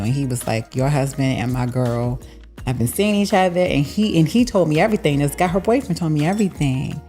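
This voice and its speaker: A woman guest on a podcast, talking candidly and emphatically about a painful time, repeating phrases and filling pauses with "um" and "like.". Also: very deep voice, darkish tone. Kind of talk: candid conversational storytelling.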